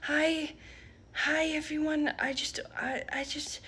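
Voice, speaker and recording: A woman's voice: high-pitched, moderate pace, sharp tone, voice pushed up. A woman voicing a timid, anxious young coworker who stammers and repeats herself. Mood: panicked. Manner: stammering, nervous.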